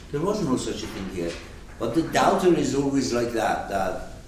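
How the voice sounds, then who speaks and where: A man's voice: medium pitch, very animated, moderate pace. A man teaching a text in an informal lecture, explaining emphatically and acting out quoted lines, recorded from a distance. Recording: echoey room, mic far off, faint noise.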